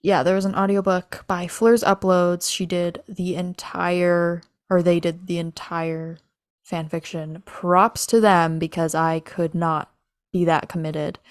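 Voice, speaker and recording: A woman's voice: fairly low pitch, level tone, measured pace, no echo, studio quality. A young woman co-hosting a podcast, chatting casually and gushing like a fan. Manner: giggly, gushing fan talk. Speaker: podcast co-host. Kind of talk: casual chat.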